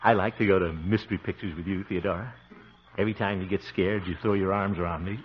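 A man's voice: sits low, steady tone, fast, close to an everyday voice. An actor playing a bashful, lovesick small-town young man who stammers and giggles, in 1940s radio acting. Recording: dull hissy old radio recording.

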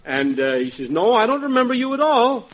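A man pitching comedy ideas at a writers' panel, stammering and restarting as he tells jokes with dialogue. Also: sing-song, brisk. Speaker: gag writer. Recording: dull lo-fi old recording.

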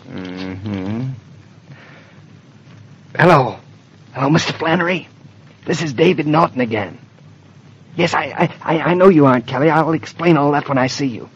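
A breezy young husband from an old radio play, tossing out puns and then dropping to a hushed, secretive murmur. His voice sits a touch high for a man. The sound is dull and lo-fi, like a worn transcription disc. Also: husky. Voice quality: quick, punning, playful delivery with hushed asides. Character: teasing young husband planning a secret surprise. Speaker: radio drama actor. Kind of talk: 1940s radio acting.

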